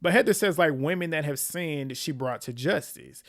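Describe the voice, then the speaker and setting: A man's voice: a little high, animated, moderate pace. A man giving a casual recap of a reality TV episode, chatty and opinionated, with slang and frequent laughs.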